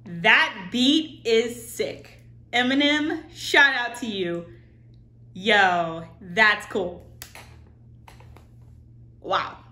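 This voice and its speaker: A woman hosting a casual reaction video, excitable and thinking out loud. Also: a little high, extremely slow, pauses often, echoey room, soft background music. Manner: excitable, exclaims and thinks aloud.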